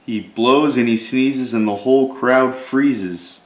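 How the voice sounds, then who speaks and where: A man reading a picture book aloud in a lively storytelling way, voicing sound words with relish. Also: medium pitch, takes it slowly, very noisy. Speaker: reader. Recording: echoey room.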